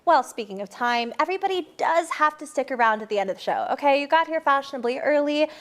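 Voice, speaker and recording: A bubbly woman hosts a live online show in an upbeat, scripted way, laughing often. Her voice sits high and swings widely in pitch. It has the bright lilt of a party host. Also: lively intonation, fast talker. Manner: bubbly and giggly, lots of laughter. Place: mansion.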